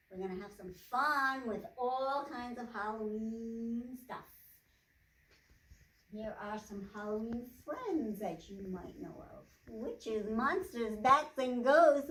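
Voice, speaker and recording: Slow, playful woman librarian, echoey room. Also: a little high, recorded from a distance. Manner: playful, chanting rhymes. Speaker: children's librarian. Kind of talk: children's storytime reading.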